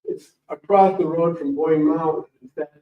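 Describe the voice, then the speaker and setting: A middle-aged man giving a talk at a library, telling a rambling personal story in an animated way and acting out the people in it. The recording is dull and echoey, taken from a distant mic. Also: fairly high pitch, moderate pace. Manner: animated, rambling, acts out voices. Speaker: guest speaker. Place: library event room.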